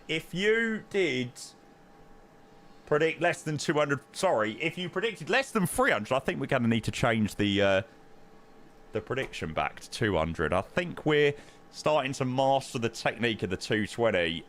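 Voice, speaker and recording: Lively man streaming. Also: medium pitch, moderate pace, slight background noise. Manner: effusive, thanking viewers by name. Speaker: flight sim streamer. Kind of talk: casual live stream chat.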